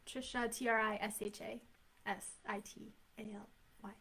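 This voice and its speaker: A woman's voice: mid-range voice, little pitch movement, normal speed, fairly bright tone, breathy edge. A woman chatting easygoingly as a guest on a podcast, laughing often and mixing in Italian words. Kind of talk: casual chat.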